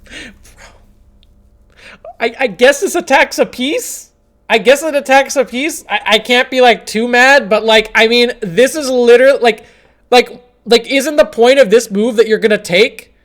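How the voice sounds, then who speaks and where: A young man commentating chess on a live stream, exasperated, swinging between shouts and mumbling. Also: very high voice, a little slow.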